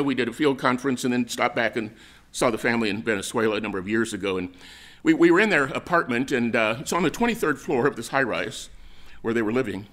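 An older man from the United States delivers a sermon in an easygoing, storytelling manner. His voice is bright and forward, and he often stops to restart a phrase or add a filler. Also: medium pitch. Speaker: pastor.

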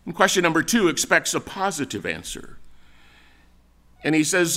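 An older man from the United States delivers a sermon in an easygoing, storytelling manner. His voice is bright and forward, and he often stops to restart a phrase or add a filler. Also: on the high side, sing-song, moderate pace. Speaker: pastor.

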